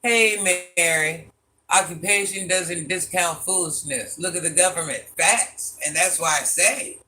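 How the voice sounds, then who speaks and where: A man, chatting casually on a livestream, animated and exasperated, firing off rhetorical questions and laughing often. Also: high-pitched, unhurried. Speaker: livestream host reading chat.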